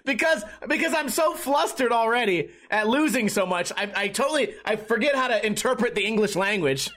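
Profane rambling podcast host, high voice. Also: male voice, animated, normal speed, pushed and bright. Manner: profane, rambling, self-deprecating. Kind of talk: casual solo podcast monologue.

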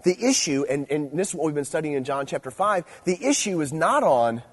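A middle-aged man preaching to teenagers, swinging between loud emphasis and quiet asides. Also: on the high side, lively intonation, brisk, husky. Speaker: youth speaker. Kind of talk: sermon.

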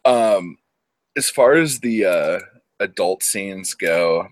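Deep-voiced man rambling through a movie recap. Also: a bit bright, dry recording. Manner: rambling, profane, acts out characters in quotes. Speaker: podcast co-host. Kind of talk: casual movie recap chat.

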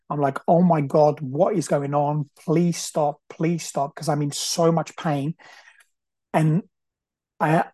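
Podcast host, thirties, husky voice, earnest storyteller who repeats himself. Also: male voice, a little high, a little mellow, no echo. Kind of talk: personal storytelling monologue.

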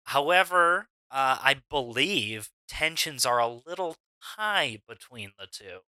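A man running a tabletop game, speaking slowly and stopping often to hedge with ums. His voice is very bright and crisp, with a slightly raised pitch. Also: expressive, dry recording. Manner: unhurried, with frequent ums and uhs. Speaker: game master.

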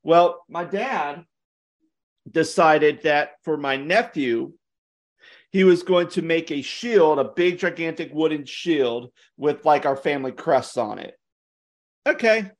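Young male co-host with a high-pitched voice, an animated storyteller who jokes and laughs a lot. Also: slow pace. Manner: animated, laughs often, joking asides. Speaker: podcast co-host. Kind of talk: casual storytelling chat.

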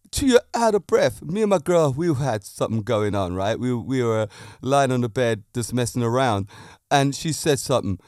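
A man hosting a casual podcast monologue, animated and often laughing at his own jokes. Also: a little high, no echo, clean studio sound. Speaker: podcast host.

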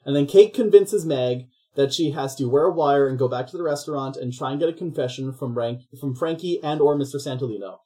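A podcast host retelling a film plot in a loose, rambling way, stopping often to act out the characters. The voice is mellow and dark, and the pitch sits in the middle range. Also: a little fast, few pauses. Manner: rambling, animated storytelling with voices. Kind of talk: casual comedic film recap.

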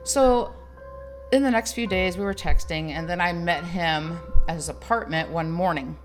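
A woman co-hosting a podcast, telling a dating story in casual chat, animated and laughing as she goes. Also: fairly low pitch, moderate pace, faint music behind. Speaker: podcast co-host.

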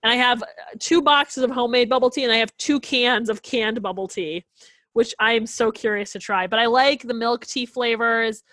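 Bubbly, higher-voiced young woman. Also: fairly even intonation, a bit bright, dry recording. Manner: bubbly, giggly, quick with filler words. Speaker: podcast guest. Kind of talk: casual interview chat. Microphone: video call. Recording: dry video call audio.

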